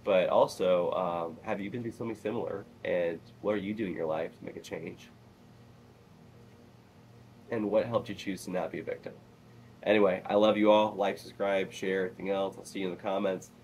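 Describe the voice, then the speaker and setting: A man vlogging in a casual, rambling monologue that is animated and full of swearing. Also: low-pitched, a little fast, slight background noise.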